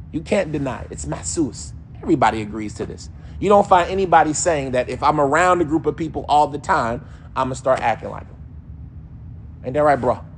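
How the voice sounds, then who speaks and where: Male religious teacher, conversational and animated, playful mimicry, light ambient noise. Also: a little high. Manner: casual, animated, mimics accents and voices. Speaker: Islamic teacher. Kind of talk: religious lesson.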